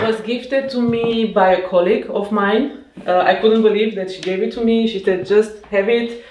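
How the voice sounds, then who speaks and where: A woman's voice: medium pitch, darkish tone, slight background noise. Woman designer, hesitant with fillers, casual shop tour, roomy echoey room. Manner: hesitant, many fillers, emotional storytelling. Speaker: fashion designer showing her shop. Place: her small boutique shop, indoors. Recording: roomy indoor sound.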